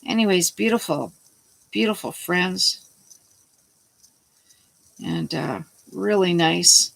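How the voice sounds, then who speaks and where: Creaky-voiced middle-aged woman telling a story. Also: lowish voice, lively intonation, slow pace, poor audio. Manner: rambling, salty, starts over mid-sentence. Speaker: vlogger. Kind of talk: casual storytelling to camera.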